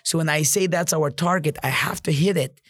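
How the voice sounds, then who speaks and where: A man's voice: fairly high pitch, a little fast, a bit bright, no echo. A man hosting a casual motivational podcast monologue, blunt and profane, with lots of "like" and "you know". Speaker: podcast host and business owner.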